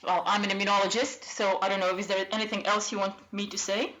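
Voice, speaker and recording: A woman's voice: medium pitch, little pitch movement, quick pace, fairly bright tone, dull audio. Croatian-accented woman immunologist. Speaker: guest immunologist. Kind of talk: casual podcast chat.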